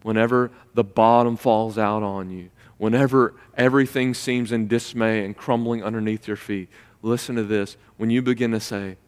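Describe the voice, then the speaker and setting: A man preaching a sermon in a church, rising to loud, emphatic passages and acting out the people he quotes. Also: steady tone, normal speed, few pauses, clear, resonant tone. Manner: builds to loud, high-pitched emphatic preaching; acts out quoted voices mid-sermon. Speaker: pastor. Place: church sanctuary. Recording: long reverb of a large hall.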